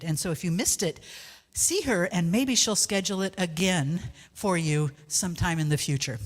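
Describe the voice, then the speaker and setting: A woman's voice: fairly low pitch, big-room sound. A woman giving church announcements as volunteer coordinator, chatty and joking, often correcting herself.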